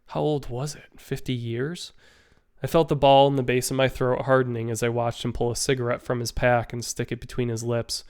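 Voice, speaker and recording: A man's voice: mid-range voice, clean tone. Man reading a novel aloud. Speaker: teacher reading to students. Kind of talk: audiobook narration.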